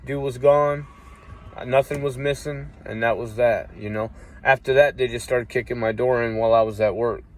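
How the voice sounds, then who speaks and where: A man's voice: mid-range voice, fairly even intonation, normal speed. Profane rambling man telling a story. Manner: profane, rambling, acts out quoted voices loudly. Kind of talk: casual storytelling.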